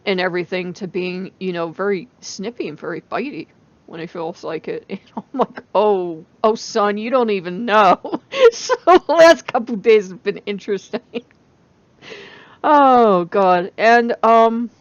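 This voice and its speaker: A woman's voice: mid-range voice, animated, a little slow, no echo. Tired woman vlogger laughing between words. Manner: laughs often, rambling with fillers. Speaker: channel host. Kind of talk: casual spiritual vlog chat. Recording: dull lo-fi dry recording.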